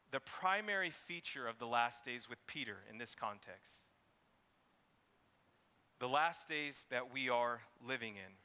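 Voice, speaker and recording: A man's voice: medium pitch, bright, forceful tone, big-room sound. A man preaching an expository sermon, reading scripture and sometimes acting out mocking voices. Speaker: pastor.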